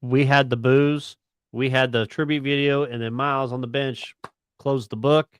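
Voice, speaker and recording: A man's voice: medium pitch, steady tone, normal speed, clean tone, dry recording. A man co-hosting a sports radio show, blunt and opinionated as he rants about games. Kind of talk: casual sports chat.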